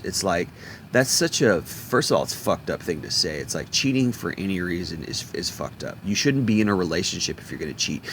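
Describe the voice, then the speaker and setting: A man with a very low voice rants straight to his audience. He talks bluntly, swears freely and keeps stumbling into restarts and repeats as he pushes his point. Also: slight background noise. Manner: blunt, profane, repetitive restarts. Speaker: video commentator. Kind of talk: ranting monologue.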